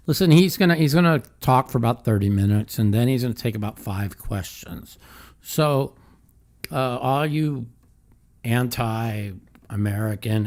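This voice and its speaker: A man's voice: lowish voice, darkish tone. A man hosting a casual call-in show, blunt and profane, often breaking into laughter.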